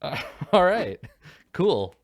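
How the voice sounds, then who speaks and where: A man's voice: a little high, big pitch swings, slow pace, gravelly, no room sound, studio quality. A man narrating as game master in a casual, rambling way, full of fillers.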